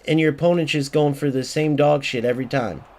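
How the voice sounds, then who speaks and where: Fairly quick and slightly mellow, this YouTuber's voice sits on the high side as he furiously narrates his game with plenty of profanity. He says things over and over and ridicules other players, putting on a mocking tone to quote them.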